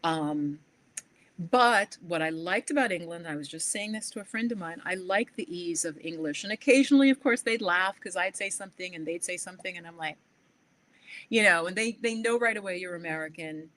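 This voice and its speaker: A woman's voice: on the low side, brisk. Chatty New woman telling travel stories. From New York. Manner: animated storyteller, acts out quoted exchanges, frequent "like" and laughs. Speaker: livestream host. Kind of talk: casual chat to viewers.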